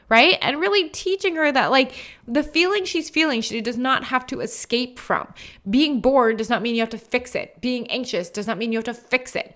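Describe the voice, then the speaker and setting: A woman's voice: a little high, animated, moderate pace, fairly bright tone. A woman in her thirties hosting a solo podcast, talking earnestly and encouragingly, with frequent "like" and "right?". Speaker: podcast host.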